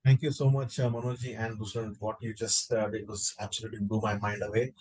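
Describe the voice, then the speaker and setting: A man asking a question in an online session, polite and halting. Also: fairly low pitch, flat delivery, a little mellow, breathy edge, dry recording. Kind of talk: casual question in a webinar.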